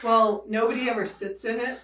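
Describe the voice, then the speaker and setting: A woman's voice: fairly high pitch, fairly even intonation, brisk, fairly bright tone. A woman with a Boston accent chatting casually at home in a vlog, thinking aloud while she sorts through a room. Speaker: vlogger.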